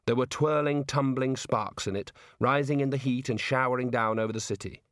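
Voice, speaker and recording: A man reading an audiobook in even, measured scripted narration. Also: medium pitch, no room sound, studio quality.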